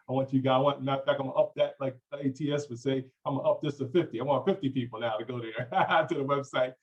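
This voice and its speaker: A man hosting an online talk show at a quick clip. He hypes the audience, repeats phrases and laughs often. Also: medium pitch, fairly even intonation, highs cut off. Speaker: host.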